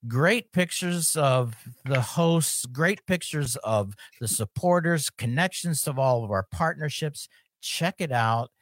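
A man's voice: a little high, slow, no echo, clean studio sound. A man hosting a talk podcast, chatting casually and joking, with frequent laughs. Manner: lively, joking, laughs often. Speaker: podcast host. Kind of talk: casual chat.

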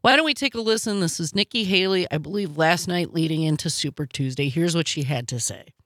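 A woman hosting a political commentary show, animated and cutting in her remarks. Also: sits low, brisk, no room sound, clean studio sound. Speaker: host.

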